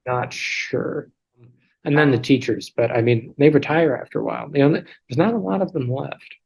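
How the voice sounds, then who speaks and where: A man's voice: medium pitch, normal speed, gravelly, a little mellow, slightly rough, rough recording. Guest, male, 30s: loose, joking, talks in restarts and asides; video-call sound. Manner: chatty, self-deprecating, many restarts and asides. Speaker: interview guest. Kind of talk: casual storytelling over a video call.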